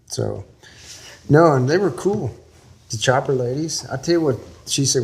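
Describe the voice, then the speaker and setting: A man's voice: medium pitch, animated, a little slow, darkish tone. A man from Texas, a guest in an interview, telling a long story in a folksy, rambling way with small laughs.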